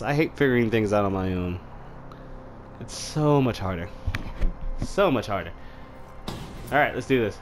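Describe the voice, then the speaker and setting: A man's voice: on the low side, animated, moderate pace, long pauses, a little hiss or hum. Trash-talking young man gaming. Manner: trash-talking, shouting battle cries, laughing. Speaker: gamer playing a fighting game. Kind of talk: casual let's-play commentary.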